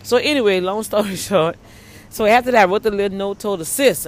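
A man who prays for the sick, telling viewers a story in a casual, animated way and often calling them y'all. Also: high-pitched, a little fast. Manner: animated, addresses listeners as y'all. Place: hospital waiting area.

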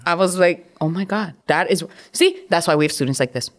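A woman's voice: fairly low pitch, fairly quick. A woman, a teacher co-hosting a podcast, telling stories in casual chat and laughing often. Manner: expressive storyteller, laughs often.

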